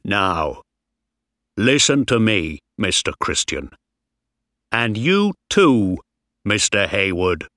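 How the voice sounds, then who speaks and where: A man's voice: on the low side, sing-song, slow pace, long pauses, sharp tone, no room sound, studio quality, full character voice. A man doing a stern, bossy ship captain. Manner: commanding, clipped orders.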